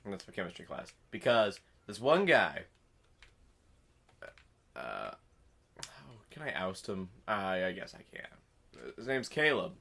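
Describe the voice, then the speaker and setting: Teen guy, lowish voice, animated storyteller, casual podcast chat. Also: a little slow, vocal fry, long pauses. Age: teens. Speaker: podcast co-host.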